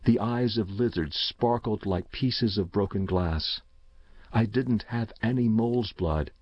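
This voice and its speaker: Man, story narration, somber, measured, low voice, dry dull sound. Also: no room sound.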